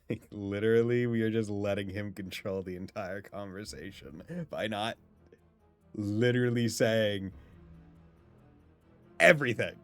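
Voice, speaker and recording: A man's voice: on the low side, a little slow, long pauses, no room sound, soft background music. A young man giving sarcastic, mocking let's-play commentary, swearing as he goes. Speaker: streamer.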